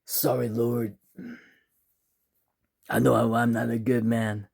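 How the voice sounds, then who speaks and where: A man's voice: mid-range voice, little pitch movement, takes it slowly, gravelly, darkish tone, slightly rough, no room sound, studio quality, full character voice. Man as a remorseful old husband. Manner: subdued apologetic.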